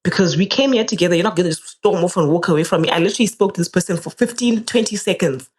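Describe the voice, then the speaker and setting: A young woman, a podcast guest telling a personal story in a casual, animated way, her voice jumping up whenever she quotes someone. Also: very fast. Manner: animated, jumps up in pitch when quoting people.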